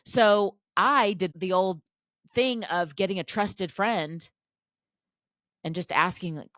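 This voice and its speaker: A woman's voice: on the low side, slow pace, long pauses, fairly bright tone, no room sound, studio quality. A woman hosting a podcast, talking in a casual, chatty, self-deprecating monologue full of restarts and asides. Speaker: podcast host.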